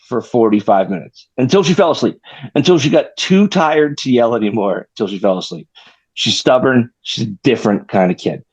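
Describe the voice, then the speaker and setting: Man, casual podcast co-host, lively storyteller, mid pitch, slightly muffled audio. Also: moderate pace, slightly rough. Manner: animated storyteller, acts out his kids' voices.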